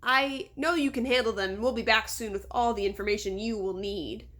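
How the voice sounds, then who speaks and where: A woman's voice: fairly high pitch, a little fast, fairly bright tone, close to an everyday voice. A woman voicing a cautious, slightly awkward older sister in a storybook reading, close to her own voice. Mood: earnest.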